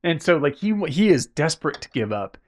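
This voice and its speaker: A man's voice: fairly high pitch, a little fast. A man co-hosting a podcast, chatting casually about a film and acting out lines from it as he retells the story. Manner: animated, acts out characters' lines mid-story; swears casually. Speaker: podcast co-host.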